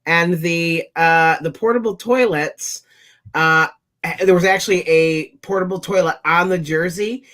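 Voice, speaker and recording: A man's voice: fairly high pitch, a little slow, fairly bright tone. A man on a parenting talk panel, joking and chatting casually about family life. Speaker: podcast panelist. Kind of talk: casual chat.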